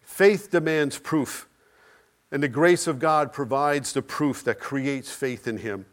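A man preaching a sermon, building with repeated phrases, rhetorical questions and dramatic pauses. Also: mid-range voice.

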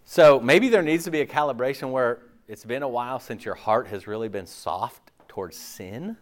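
Animated conversational male pastor. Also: mid-range voice, normal speed. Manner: conversational, animated, acts out imagined listeners' reactions; frequent "okay?" and "like" fillers. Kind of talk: sermon.

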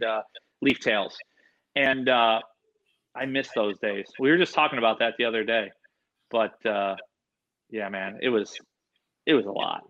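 A man who breeds reptiles, telling stories in casual chat with lots of fillers and swearing, getting animated. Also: medium pitch, muffled recording.

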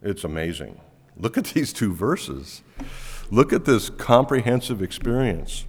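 A man preaches in a church sanctuary in a deliberate, unhurried sermon style. His voice sits low, and it climbs to emphatic high appeals before dropping to near-murmured asides. A long hall reverb trails every phrase. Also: sing-song, husky. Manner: emphatic preaching, swinging between loud rising appeals and quiet low asides. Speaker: pastor.

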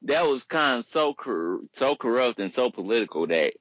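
A man's voice: mid-range voice, lively intonation, normal speed, fairly bright tone, dry recording, dull audio. A man in a casual podcast chat, talking animatedly in loose, profane slang.

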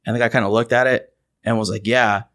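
An American man, hosting a casual chat and telling animated stories. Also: lowish voice. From United States. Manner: animated, fast anecdotes with voiced quotes.

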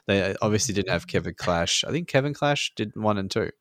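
An Australian man co-hosts a podcast in loose, rambling chat, swearing freely and breaking into laughs. His voice sits low. The recording is dry and close, with no room sound. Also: lively intonation, a little fast, a bit bright, no echo. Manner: rambling, profane, laughs often. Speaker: podcast co-host. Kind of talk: casual chat.

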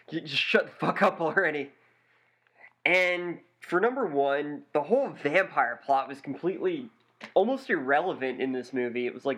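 A man's voice: medium pitch, sharp tone. A man co-hosting a movie review podcast, rambling with many fillers in casual chat. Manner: rambling, lots of likes and ums.

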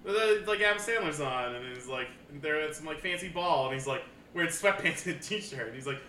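A man's voice: on the high side, brisk, hardly any pauses, pushed and bright. A young man co-hosting a wrestling podcast, chatting casually and rambling, swearing and laughing often. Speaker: podcast co-host. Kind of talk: casual banter. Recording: roomy echo, faint background noise.

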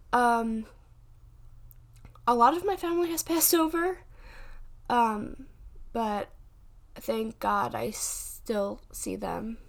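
Podcast host, woman, 20s, rambling casual chat, slightly high voice with heavy vocal fry. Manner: chatty, rambling, frequent fillers and restarts. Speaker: podcast host and paranormal investigator. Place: home.

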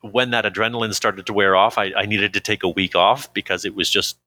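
A man's voice: fairly low pitch, steady tone, a little fast, sharp tone, no room sound. A man speaking as an interview guest, reflective and hesitant, with many fillers and easy laughs. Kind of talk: candid conversational interview.

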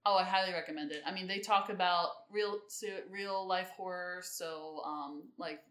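Casual woman, low voice, echoey room. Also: steady tone, normal speed, a bit bright. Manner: rambling with many ums and restarts. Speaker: podcast co-host. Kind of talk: casual chat.

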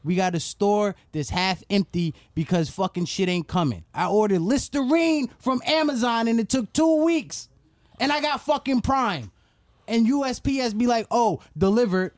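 A man's voice: very high voice, moderate pace, no echo, clean studio sound. A man on a casual podcast, ranting in a heated, profane way. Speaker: podcast co-host.

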